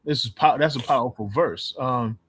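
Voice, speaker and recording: A man in casual scripture discussion, talking in an easygoing, halting way. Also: mid-range voice, a bit bright, breathy edge. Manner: easygoing, halting, with fillers and laughs. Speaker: co-host.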